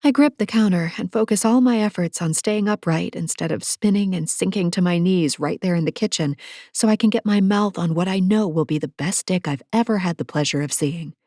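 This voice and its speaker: A woman's voice: fairly low pitch, a little fast, mellow, no room sound, clean studio sound. A woman narrating a first-person romance novel with sassy, playful asides. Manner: sassy, playful asides, breathy whispers in intimate moments. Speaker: audiobook narrator. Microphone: close studio mic.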